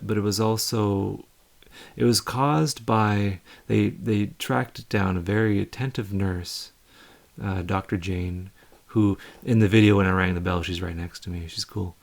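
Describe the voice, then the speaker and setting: Young man, low voice, gravelly fry, casual live stream chat, rambling with lots of fillers. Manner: rambling, loose storytelling with many fillers.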